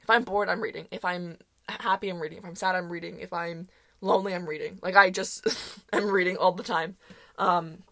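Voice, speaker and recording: Young woman, casual solo podcast chat, rambling with fillers, gravelly vocal fry. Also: fairly low pitch, steady tone, brisk, bright, forceful tone. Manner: rambling and chatty, with many fillers and self-interruptions; laughs often while talking. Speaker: podcast host.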